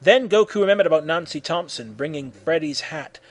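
A man reading a fan fiction story aloud in an animated way, acting out the shouted voices. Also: fairly high pitch, brisk, no echo.

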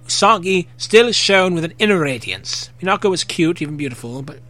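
A man's voice: sits high, animated, brisk, sharp tone, no room sound. A young man reading fan fiction aloud in a casual way, breaking off for jokey asides. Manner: casual, jokey, swears freely.

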